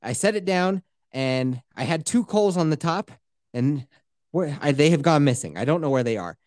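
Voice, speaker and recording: A man's voice: on the high side, lively intonation, moderate pace, a little mellow, no echo, studio quality. A man in his thirties from Colorado hosting a podcast, telling a profane, rambling story and laughing along with himself. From Colorado, USA. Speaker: podcast host. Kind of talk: casual storytelling chat.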